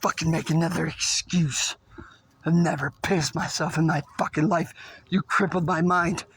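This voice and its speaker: A man delivering an aggressive, profane, threatening rant at an unseen person, rambling and swinging between shouting and muttering. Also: a little high, steady tone, normal speed, slightly rough.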